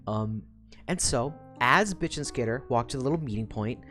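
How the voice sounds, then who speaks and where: Very deep-voiced woman streamer. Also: lively intonation, normal speed, fairly bright tone, soft background music. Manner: casual, swears freely, rambling with fillers. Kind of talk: casual livestream recap of a book.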